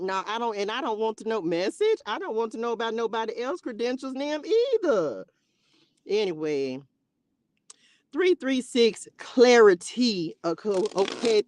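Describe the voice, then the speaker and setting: A woman's voice: fairly high pitch, a little mellow, no echo. A woman hosting a spiritual live stream, chatting casually and playfully with her viewers in a loose, slangy way.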